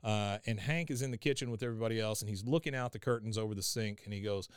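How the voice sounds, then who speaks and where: A man's voice: fairly low pitch, fast talker, hardly any pauses, smooth, dry recording, clean studio sound. Man recapping a cartoon with gusto. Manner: animated retelling, acts out lines, laughs often. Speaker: podcast host. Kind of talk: casual recap of a cartoon episode.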